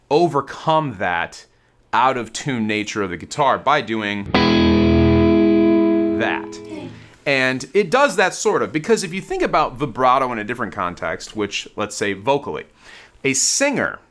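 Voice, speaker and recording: Man teaching guitar, conversational, animated pitch, demonstrates as he talks. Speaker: guitar teacher and channel host. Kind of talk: casual guitar lesson to camera.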